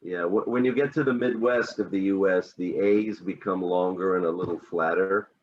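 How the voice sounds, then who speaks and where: An American man, an English teacher, explaining pronunciation in a relaxed, casual chat with many fillers. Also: low-pitched, normal speed, muffled recording.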